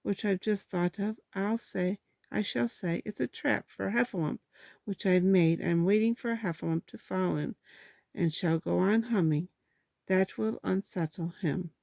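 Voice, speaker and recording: A woman voicing a gentle, simple-minded bear in a storybook reading, slow and earnest as he thinks things out. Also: medium pitch, gravelly, no echo, studio quality, lightly acted. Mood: thoughtful. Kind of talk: storybook read-aloud.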